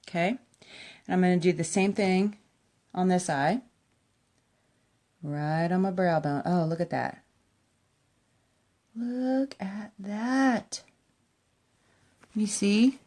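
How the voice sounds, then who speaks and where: A woman giving a chatty, enthusiastic makeup tutorial at home, talking straight to her viewers. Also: fairly low pitch. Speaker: makeup vlogger. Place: at home by a window.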